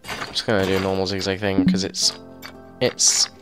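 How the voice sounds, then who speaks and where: A young man giving casual, excitable commentary as he plays a game and thinks aloud into a mic held very close to his mouth. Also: sits low, normal speed, music in the background. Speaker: gameplay video host.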